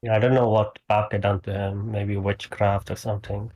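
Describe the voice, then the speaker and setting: A man's voice: lowish voice, flat delivery, moderate pace, darkish tone. A man calling into a stream, retelling events in a rambling, hesitant way and laughing often. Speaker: caller. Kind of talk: casual call-in retelling.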